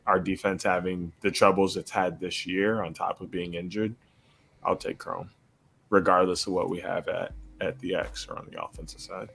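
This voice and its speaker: A man's voice: deep voice, animated, normal speed, creaky, a little hiss or hum. A man co-hosting a casual sports podcast, laid-back and slangy in his picks talk. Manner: laid-back, slangy, breaks into loud laughs. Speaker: podcast co-host.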